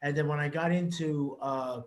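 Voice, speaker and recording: A man's voice: fairly high pitch, steady tone, normal speed. A man from New York hosting an interview, talking bluntly and profanely in a rambling, repetitive way. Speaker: host. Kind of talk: casual interview chat.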